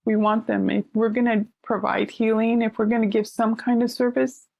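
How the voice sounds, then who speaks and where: Gravelly-voiced woman telling stories. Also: a little high, moderate pace, dry recording. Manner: animated, acts out quoted voices. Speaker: counselor sharing her story. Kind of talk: conversational storytelling.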